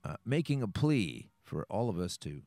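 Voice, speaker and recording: A man's voice: on the low side, normal speed, no echo. A man hosting a podcast, talking bluntly and casually, introducing a clip and commenting on it. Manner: blunt, swears, lively intonation. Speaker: podcast host.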